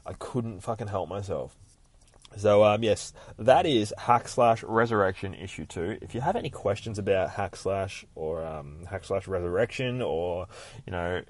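A man hosting a podcast, retelling a comic in an excitable, heavily swearing casual way with shouted sound effects. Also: on the low side, dry recording. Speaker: podcast host.

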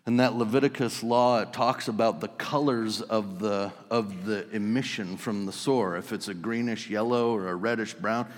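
A man preaching a sermon, telling the story vividly and swinging between loud outbursts and hushed lines. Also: on the low side, steady tone, normal speed, few pauses, long reverb tail. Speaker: pastor.

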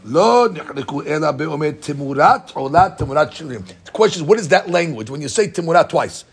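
A man teaching a casual Talmud study lesson. He reads the text off rapidly, then explains it in English, often stumbling and repeating words. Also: on the high side, gravelly, slightly rough.

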